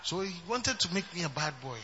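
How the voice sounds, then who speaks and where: A man preaching a sermon, moving between loud shouting and quieter storytelling. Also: high voice, sing-song, brisk, in a large hall. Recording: dull lo-fi recording.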